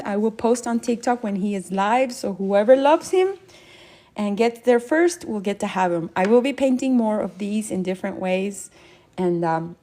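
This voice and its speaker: A woman's voice: medium pitch, warm tone. Woman, bubbly, playful, giggly, casual live-stream chat, painting while talking. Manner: chats to viewers while painting.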